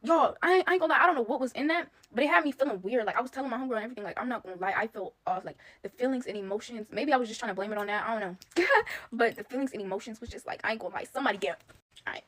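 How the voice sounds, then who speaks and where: A woman's voice: a little high, racing, fairly bright tone. A young woman telling a casual storytime anecdote in slangy speech, full of chatty asides to her audience.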